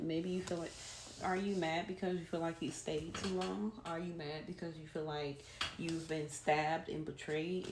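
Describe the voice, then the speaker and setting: A woman with a low voice reads tarot for her viewers. She talks in a chatty, soothing way. The recording sounds echoey, with steady noise behind her. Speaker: tarot reader. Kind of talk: casual spiritual reading.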